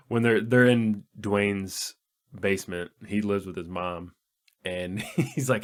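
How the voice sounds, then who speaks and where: A man's voice: fairly low pitch, takes it slowly. A man co-hosting a movie podcast, casually retelling funny scenes and laughing often. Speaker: podcast co-host. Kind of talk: casual movie review chat.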